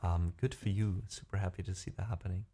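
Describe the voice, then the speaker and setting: A young man chats loosely to his livestream viewers. He rambles, pauses on fillers and restarts his sentences as he thinks aloud, speaking into a desk mic at home. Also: deep voice, steady tone, mellow. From Germany. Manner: rambling, hesitant, many fillers. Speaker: livestream host. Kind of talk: casual chat with viewers. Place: home room.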